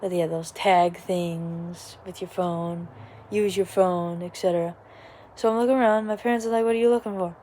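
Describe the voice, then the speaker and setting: A woman's voice: lowish voice, fairly even intonation, moderate pace, mellow, slight background noise. A young woman vlogger telling a casual, rambling story at home, full of asides and quoted voices. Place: small home, living room.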